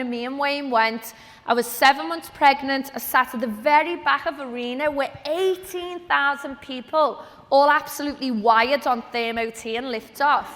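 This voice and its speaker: A woman's voice: sits high, sharp tone. A woman giving a motivational personal story to an audience at a training event, chatty and acting out the conversations she remembers. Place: event venue with a live audience. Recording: echoey large event hall.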